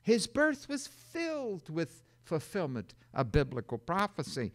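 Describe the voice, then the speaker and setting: A man preaching a sermon as a Bible teacher, dramatic and emphatic, with sudden loud bursts and conversational asides. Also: on the high side, wildly swooping pitch, unhurried, hardly any pauses.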